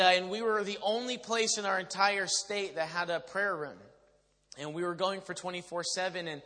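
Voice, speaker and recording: A male pastor telling his story in a sermon, lively and acting out what people said. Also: high-pitched. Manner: animated storyteller who acts out quotes. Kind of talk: sermon testimony to a congregation. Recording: long reverb of a large hall.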